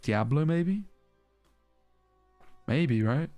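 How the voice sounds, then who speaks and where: A man giving casual, animated commentary as he reviews trading cards, thinking aloud and restarting sentences as he goes. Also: fairly high pitch, drawn-out words, no room sound, faint music behind. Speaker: card game reviewer.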